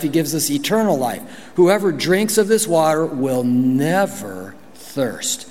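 Animated pastor in a reverberant church. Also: male voice. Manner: animated, acts out quotes in high voices, laughs. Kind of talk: sermon.

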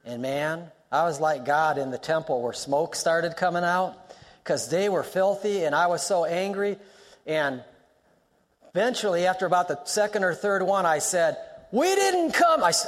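A male pastor preaching a sermon, emphatic, repeating lines for stress and weaving in personal stories. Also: a little high. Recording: long reverb of a large hall.

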